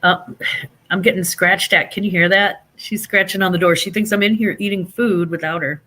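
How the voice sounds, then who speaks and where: Bright, chatty man hosting a livestream. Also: high-pitched. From Saint Louis. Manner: animated, chatty, drawn-out emphatic phrases. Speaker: livestream host. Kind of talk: casual livestream chat reading comments.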